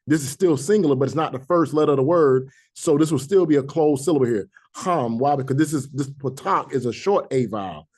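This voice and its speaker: A man teaching a Hebrew reading class, patiently explaining rules and sounding out syllables slowly, one by one. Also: mid-range voice, darkish tone, slightly rough. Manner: patient, repeats sounds slowly to demonstrate pronunciation. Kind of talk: classroom language lesson.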